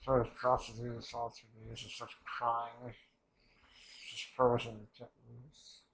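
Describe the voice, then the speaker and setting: A man's voice: mid-range voice, monotone, slow pace, gravelly, fairly bright tone, rough recording. A man reacting to an anime episode in rambling, emotional casual commentary, swearing often and restarting his sentences.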